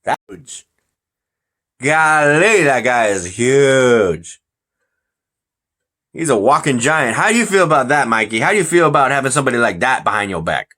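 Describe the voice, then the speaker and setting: A man's voice: mid-range voice, sing-song, normal speed, long pauses, pushed and bright. A man hosting a casual podcast chat, rambling, joking and tripping over his words. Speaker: podcast host.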